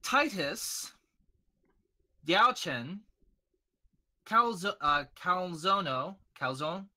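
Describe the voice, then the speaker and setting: A man voicing a prim female porcelain doll who gives crisp orders to a team in a tabletop game. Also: sits high, expressive, very slow, bright, forceful tone, full character voice. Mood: brisk.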